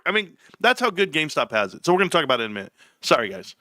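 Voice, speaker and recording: A man hosting a casual livestream, talking brashly and joking, dropping to low mutters and then jumping to high outbursts. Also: sing-song, quick pace, sharp tone, dry recording, studio quality. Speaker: livestream host.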